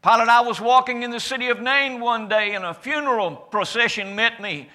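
A man preaching in the first person as Jesus, a calm and certain adult man, with a declamatory delivery whose loudness rises and falls. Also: extremely high pitch, fairly quick. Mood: solemn. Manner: declamatory, rising and falling loudness. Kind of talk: first-person sermon monologue.

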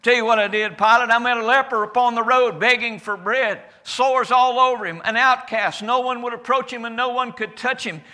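A man preaching in the first person as Jesus, a calm and certain adult man, with a declamatory delivery whose loudness rises and falls. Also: very high-pitched, fairly quick, few pauses. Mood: solemn. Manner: declamatory, rising and falling loudness. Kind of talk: first-person sermon monologue.

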